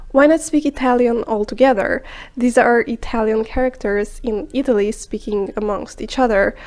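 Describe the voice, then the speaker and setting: High-voiced woman narrating a film review. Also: darkish tone. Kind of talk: scripted video narration.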